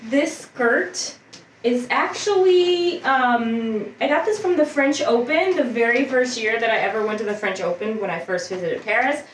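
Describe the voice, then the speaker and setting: A woman in her forties, from the United States, hosting a casual chatty vlog in an upbeat, measured way with sudden lifts in pitch on key words. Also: slight background noise. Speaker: vlogger and host.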